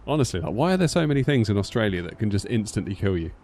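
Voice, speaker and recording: A man's voice: on the low side, sing-song, very fast, darkish tone, slight background noise. A British man in his thirties chatting casually to a live-stream audience, rambling with lots of filler like "sort of". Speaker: flight sim streamer.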